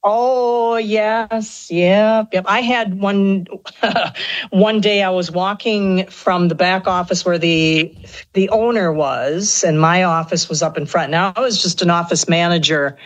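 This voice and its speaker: A woman's voice: lowish voice, low-quality recording. A middle-aged woman telling rambling stories on a radio show, with many restarts. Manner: chatty, rambling storyteller with frequent restarts and laughs. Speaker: guest. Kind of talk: casual radio conversation.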